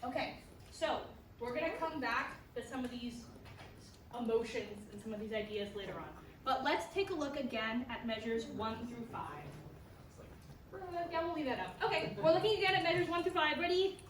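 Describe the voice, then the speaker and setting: A woman's voice: on the high side, lively intonation, moderate pace, slight background noise. A woman teaching a school band in rehearsal, encouraging and singing out rhythms for the players. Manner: upbeat, encouraging, sings rhythms. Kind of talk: rehearsal instruction. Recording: echoey room, distant mic. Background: band instruments playing.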